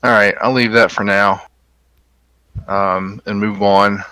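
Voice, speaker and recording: Smooth, low-voiced man playing a tabletop game. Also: flat delivery, slow, bright, forceful tone, no echo, rough recording. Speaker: player. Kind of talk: casual tabletop play.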